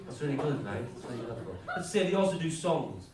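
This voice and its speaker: A man's voice: mid-range voice, quick pace, a little hiss or hum. A man with an English accent doing a crude, self-deprecating stand-up routine on a comedy club stage. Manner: crude, self-deprecating, deadpan asides with rising rants. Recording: echoey club from far off, crowd laughter.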